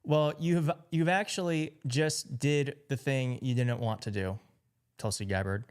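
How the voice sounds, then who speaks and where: A man running a live stream, talking casually and sarcastically as he reacts to chat and clips. His voice sits at an ordinary middle pitch. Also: steady tone, unhurried, smooth. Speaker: livestream host.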